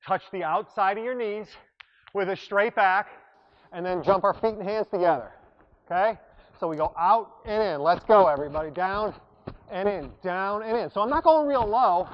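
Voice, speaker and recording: A man's voice: sits high, moderate pace, lo-fi sound. A man coaching a workout class as its instructor, upbeat and joking, breaking off mid-sentence now and then. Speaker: fitness instructor. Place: exercise room.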